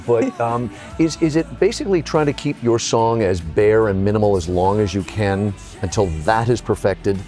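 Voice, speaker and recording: A man's voice: lowish voice, lively intonation, moderate pace, warm tone, faint music behind. A man in his fifties hosting an arts show, asking questions in an enthusiastic, rambling way and often interrupting himself.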